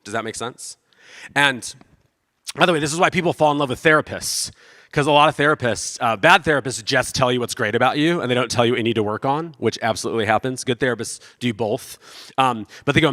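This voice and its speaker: A pastor gives a casual, conversational sermon in a large hall, poking fun at himself and acting out the voices of people he quotes. His medium-pitched voice is pushed and bright, moving a little fast.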